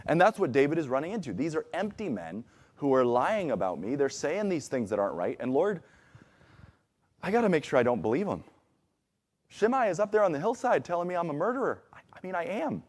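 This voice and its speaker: A man's voice: a little high, very animated, a little fast. A man preaching a conversational sermon in a church, acting out the voices he quotes. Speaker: pastor. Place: church sanctuary.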